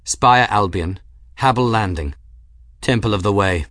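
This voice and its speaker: A man narrating an audiobook chapter in a steady, even storytelling manner. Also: lowish voice, unhurried, no room sound, studio quality. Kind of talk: scripted narration.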